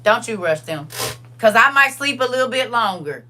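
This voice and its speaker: Older lady hosting a live stream, bright forceful voice, chatty and emphatic, keeps repeating herself. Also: a little high, lively intonation, moderate pace. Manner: chatty and emphatic, repeats phrases, reads viewer comments aloud. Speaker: livestream host. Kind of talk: casual livestream chat with viewers.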